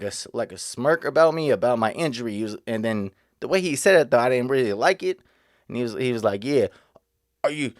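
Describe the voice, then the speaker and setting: A man's voice: mid-range voice, dry recording, studio quality. A man vlogging casually, rambling and earnest, with slightly slurred speech. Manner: rambling, repetitive, restarts often; earnest, motivational. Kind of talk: casual reaction vlog.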